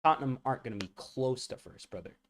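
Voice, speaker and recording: Man, livestream host, football watchalong, casual reactive commentary, slangy, medium pitch. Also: expressive, quick pace, a little hiss or hum. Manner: chatty, reacts loudly to goals, talks to chat with slang.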